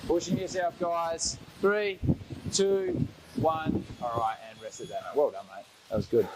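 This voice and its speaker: A man's voice: on the high side, big pitch swings, measured pace, gravelly, heavy background noise. A young man coaching a fitness class, counting down reps and encouraging his co-coach with friendly banter.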